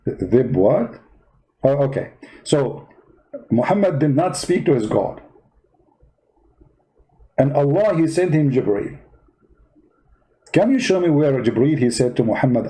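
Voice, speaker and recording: Sarcastic man with a mellow voice. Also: mid-range voice, animated, normal speed, pauses often, low-quality recording. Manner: mock-innocent, sarcastic questioning. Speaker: host of a parody debate. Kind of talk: comedy skit.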